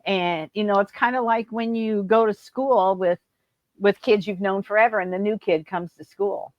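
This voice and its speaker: A woman's voice: mid-range voice, fairly even intonation, normal speed, dry recording, highs cut off. A woman hosting a podcast interview, speaking in a reflective, encouraging way. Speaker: podcast host. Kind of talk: conversational interview.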